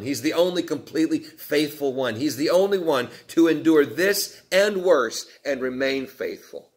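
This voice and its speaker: A male pastor preaching a sermon in a conversational way, asking his listeners questions and acting out quotes from the text. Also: medium pitch.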